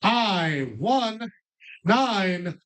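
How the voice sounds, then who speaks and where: A man calling bingo numbers in a bar, drawing each number out slowly between joking asides to the players. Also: high-pitched, expressive, fairly bright tone. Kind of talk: live bingo calling with banter.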